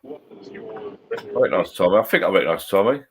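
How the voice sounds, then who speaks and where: A man's voice: sits low, expressive, fast talker, breathy edge. Chatty man hosting a stream. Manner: chatty, jokey, greets viewers by name. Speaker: live stream host. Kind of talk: casual chat.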